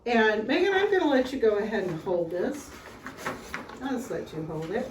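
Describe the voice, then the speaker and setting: A woman telling a Bible story to children at Sunday school, chatty and animated, with asides to the kids. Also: a little high, normal speed. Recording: roomy, from far off, faint hiss.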